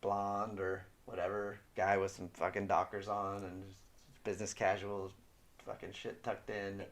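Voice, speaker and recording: Man with a low voice, joking and profane. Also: monotone, unhurried. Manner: joking, profane, self-mocking storyteller. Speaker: podcast co-host. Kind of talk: casual podcast chat.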